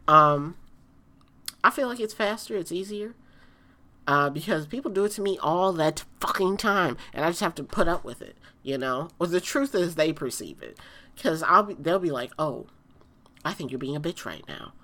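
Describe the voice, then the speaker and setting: Woman ranting to camera, blunt and sweary, bright punchy voice, repeats herself for emphasis. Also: lowish voice, animated, normal speed. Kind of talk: casual ranting monologue.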